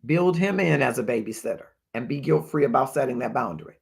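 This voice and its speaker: A man's voice: medium pitch, lively intonation, fast, vocal fry. A man hosting a live advice stream, emphatic, repeating his key points and thanking viewers by name. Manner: reads viewer comments and thanks them aloud. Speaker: livestream host.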